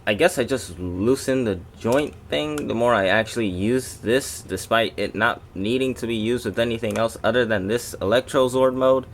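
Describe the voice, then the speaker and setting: A man's voice: medium pitch, moderate pace, few pauses, a little hiss or hum. A man doing a casual toy review, rambling and breaking off into jokey asides to his viewers.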